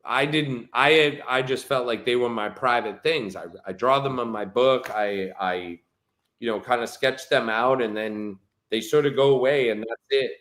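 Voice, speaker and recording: A man talks easily and at length as a podcast guest. His voice is medium-pitched, and he drifts from one thought to the next. He is loose and conversational, with plenty of fillers along the way. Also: normal speed. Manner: relaxed, rambling storytelling with many fillers. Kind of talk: casual conversation.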